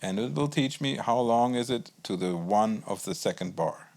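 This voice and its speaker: A man teaching a guitar lesson in a calm, explanatory way, counting beats aloud as he plays. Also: on the low side, moderate pace. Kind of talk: instructional music lesson.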